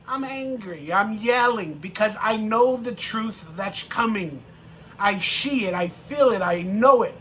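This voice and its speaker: A man hosting a live-stream fan rant about football, profane and mocking, with bursts of shouting. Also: high voice, measured pace, a little hiss or hum. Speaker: sports podcast host.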